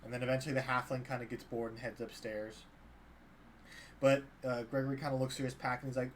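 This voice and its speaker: A man narrating as dungeon master in a relaxed, hesitant way with many fillers. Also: mid-range voice, fast talker, a little hiss or hum. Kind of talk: narrating a tabletop game.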